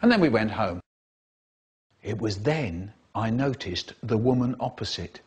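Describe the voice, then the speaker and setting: A man tells a story in an animated, theatrical way, playing quoted characters with abrupt high squeals and sudden hushed drops. His voice is unhurried and a bit rough, and the clip is edited into a comedy remix.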